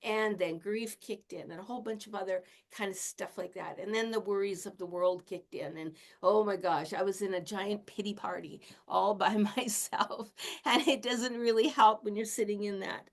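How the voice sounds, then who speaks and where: A woman healer and teacher giving a casual spiritual talk, speaking candidly about her own experience and laughing softly now and then. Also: medium pitch, steady tone, normal speed. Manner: candid, self-disclosing, chatty with soft laughs.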